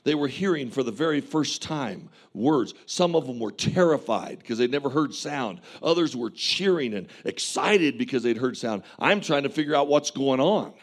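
A man's voice: mid-range voice, animated, normal speed, few pauses. A man preaching a sermon as a pastor, telling a vivid testimony with earnest, impassioned preaching.

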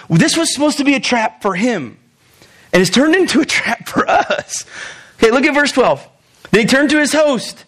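A man's voice: extremely high pitch, a bit bright. A man preaching a sermon in a loose, conversational way, reading scripture and acting out the people in it. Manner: conversational, acts out quoted voices, chuckles. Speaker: pastor.

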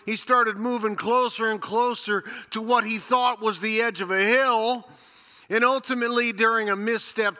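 A bright, fairly high-voiced man preaching in a church sanctuary, talking easily and posing questions to the room. He is getting over a cold, and his voice carries a long reverb from the hall. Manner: conversational, storytelling with rhetorical questions. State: recovering from a cold. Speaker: pastor. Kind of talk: sermon.

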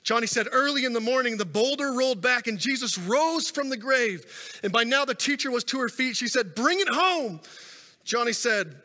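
A man's voice: very high voice, a little fast, pushed and bright. A man preaching a sermon as a pastor, telling stories with rising and falling intensity, recorded in a church sanctuary on a stage microphone. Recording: long reverb of a large hall.

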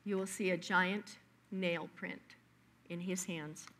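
Woman preaching a lively story-filled sermon. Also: fairly low pitch, slow pace.

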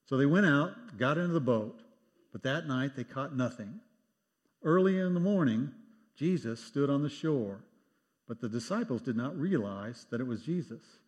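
A man delivers a sermon, reading scripture and voicing its speakers with lively emphasis between dry, wry asides. His voice sits at an ordinary middle pitch. The sound carries a long reverb from the church sanctuary around him. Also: normal speed. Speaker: pastor.

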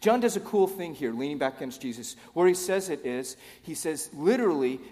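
A man's voice: fairly high pitch, animated, brisk, few pauses, warm tone. A man preaching a sermon in a casual, conversational way, with joking asides to the congregation. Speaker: pastor. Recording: long hall reverb.

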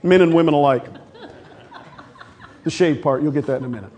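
A middle-aged man preaches a sermon in a high, light voice. He speaks conversationally, slipping in jokes and acted-out quotes. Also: brisk, dark tone, highs cut off, slight background noise. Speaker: pastor.

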